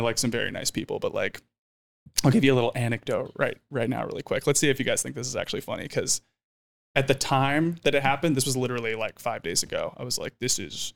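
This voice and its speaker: A young male comedian and actor with a medium-pitched, creaky voice tells stories casually. He is animated, swears, and laughs a lot.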